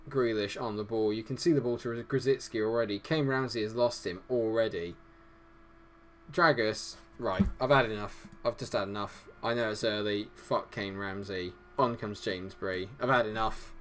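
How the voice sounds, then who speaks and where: A man's voice: fairly low pitch, steady tone, normal speed, a little hiss or hum. A young man commentating casually on his own football management game, swearing freely and cheering and groaning at the action. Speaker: gaming YouTuber.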